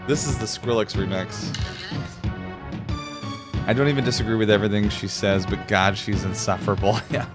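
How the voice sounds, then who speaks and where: A man's voice: fairly low pitch, steady tone, moderate pace, pauses often. A man streaming and chatting casually, rambling with frequent laughs and the odd swear word. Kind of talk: casual chat. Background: background music.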